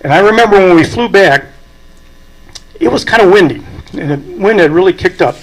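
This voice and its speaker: A man's voice: sits high, expressive, fairly quick, low-quality recording. An older man, speaking at a memorial and telling folksy anecdotes with chuckles. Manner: folksy storytelling, chuckling at his own stories. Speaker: aviation club president giving a eulogy.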